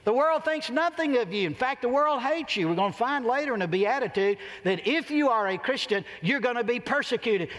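High-voiced preacher in a reverberant church. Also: male voice, fairly bright tone. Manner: emphatic preaching with sudden shifts between high and low pitch. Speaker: pastor. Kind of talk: sermon. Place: church sanctuary. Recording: long reverb of a church hall.

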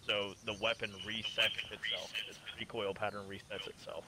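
A man's voice: lowish voice, flat delivery, normal speed, very noisy. A man in casual voice chat with fellow gamers, explaining at length and swearing often.

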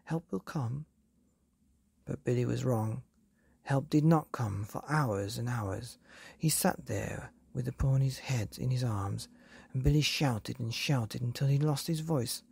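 A woman reads a bedtime story in a calm, even manner. Her voice is gravelly and husky, dark and mellow in tone. The sound is close and dry, with no room echo. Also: very deep voice.

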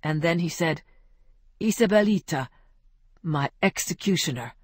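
A humble male cafe owner, as a woman reads him, talks in a solemn, reverent way. The voice is a little low and sounds dry and close, with no room around it. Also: lively intonation, unhurried, no room sound.

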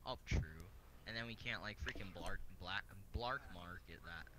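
A man's voice: low voice, moderate pace, sharp tone, slight background noise. A young man playing a game with friends, chatting casually with lots of swearing and jokes. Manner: swearing, joking banter. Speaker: gamer.

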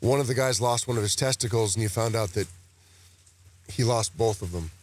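A man, an actor, is a talk show guest at a golf tournament broadcast set with cameras, joking about himself and rambling through casual interview chat. His voice is on the low side and a little mellow, and he talks fairly quickly.

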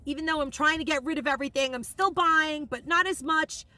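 A woman in a casual shopping haul vlog, gushing and rambling with excitement, emotional and near tears at times. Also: sits high, fairly quick, dry recording. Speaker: haul vlogger.

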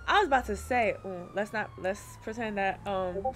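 A woman's voice: mid-range voice, lively intonation, normal speed, a bit bright, a little hiss or hum. A woman streaming a game and talking to her viewers in casual slang, laughing often. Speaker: gaming streamer.

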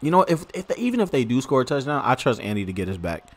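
A man streaming a football video game, giving excitable, slangy live commentary and talking to his viewers. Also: medium pitch, fast. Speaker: gaming streamer. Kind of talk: casual live gameplay commentary.

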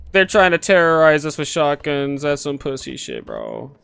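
Excitable swearing male gamer. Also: fairly high pitch, measured pace, creaky, a little hiss or hum. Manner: excitable, swears a lot, yells at enemies. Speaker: gaming streamer. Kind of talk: live gameplay commentary.

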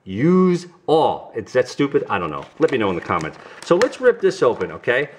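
A man's voice: mid-range voice, huge pitch swings, fast. A middle-aged man from New York with a New York accent, hosting a family vlog and chatting goofily to viewers while opening trading cards. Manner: goofy, chatty, talks straight to viewers. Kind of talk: casual card-opening vlog.

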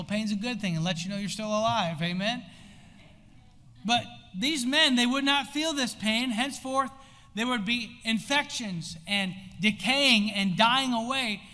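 High-voiced preacher man in a reverberant church. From United States. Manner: preaching with rising intensity and sudden shouts. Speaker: pastor. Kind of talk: sermon. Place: church sanctuary. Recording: long hall reverb in a church.

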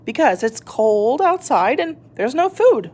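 A woman's voice: sits high, big pitch swings, measured pace, darkish tone, full character voice. Woman doing a sleepy grumpy old father tortoise. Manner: yawning, scoffing.

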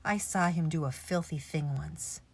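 A woman's voice: low-pitched, moderate pace, vocal fry, slightly rough, full character voice. A woman reading aloud, voicing a mischievous, talkative little old male country doctor. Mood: gossipy. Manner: chatty, mischievous storytelling. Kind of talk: audiobook character reading.

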